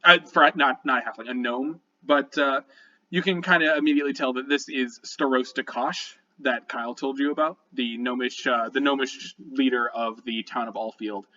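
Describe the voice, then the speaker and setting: A man narrating a tabletop game as dungeon master, casual and halting, with lots of fillers. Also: mid-range voice, steady tone, pushed and bright, highs cut off.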